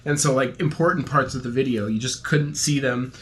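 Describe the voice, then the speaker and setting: A man's voice: medium pitch, a little fast, a little hiss or hum. A young man co-hosting a podcast, telling a long story in casual chat, rambling and jokey, laughing often. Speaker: podcast co-host.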